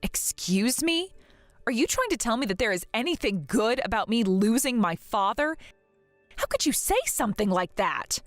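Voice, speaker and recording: A grieving young wife, voiced by a woman in an animated story drama, earnest and wounded as she pleads. Her pitch moves in lively swings. The voice is dry and close over faint music. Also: normal speed, dry recording. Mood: hurt.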